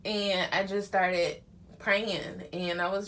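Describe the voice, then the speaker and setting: Getting ready on camera, a young woman who vlogs and styles hair recounts her life candidly, dropping slang such as "honey" and "child." Her mid-range voice is flat, slow and fairly bright, and a little hiss or hum runs underneath.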